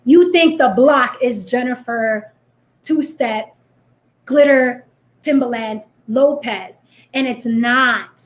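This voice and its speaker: Bronx-raised woman in her thirties with a New York accent, a fairly high voice and a blunt, defiant vlog delivery. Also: slow pace. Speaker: vlogger. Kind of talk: direct-to-camera rant.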